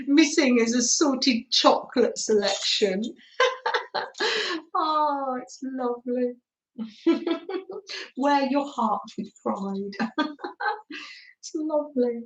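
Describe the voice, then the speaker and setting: A woman's voice: a little high, lively intonation, takes it slowly, long pauses, reverberant, rough recording. An English woman hosting a live crafting stream, chatting to viewers in a gushing way with frequent little laughs. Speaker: craft livestream host.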